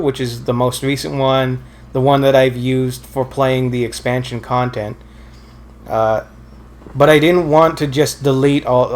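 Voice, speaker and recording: A man's voice: mid-range voice, a little mellow. A man casually commenting while playing a video game, rambling and correcting himself, with dry teasing jokes. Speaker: let's play co-host.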